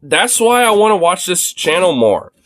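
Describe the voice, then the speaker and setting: A young male streamer reacting live to a video, his voice pitched high and swinging widely as he exclaims in disbelief. He talks casually and swears freely, piling up incredulous questions. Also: big pitch swings, normal speed, fairly bright tone.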